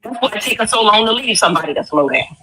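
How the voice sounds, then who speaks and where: A woman's voice: medium pitch, expressive, very fast, a crowd in the background, rough recording. A woman, talking with emphatic, preachy force and rhetorical questions. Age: 40s. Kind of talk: impassioned commentary.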